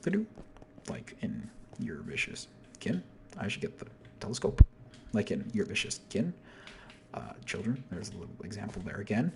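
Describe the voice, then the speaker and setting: A man's voice: fairly low pitch, wildly swooping pitch, moderate pace, creaky, pauses often. A man casually breaking down a song's lyrics, rambling, correcting himself and often dropping to a whisper. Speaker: video host explaining song lyrics. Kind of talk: casual lyric breakdown, quoting and half-singing lines.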